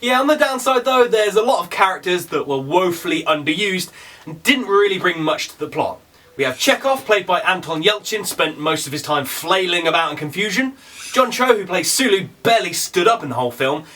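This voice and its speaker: Man, film review co-host, enthusiastic, bright tone, distant mic. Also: high-pitched, animated, brisk. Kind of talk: casual film review chat.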